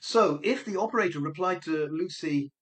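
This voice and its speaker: A man's voice: high-pitched, moderate pace, fairly bright tone. A man talking through theories in a musing, speculative commentary monologue, now and then acting out other people's words. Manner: musing, speculative, acts out quoted voices. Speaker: online commentator.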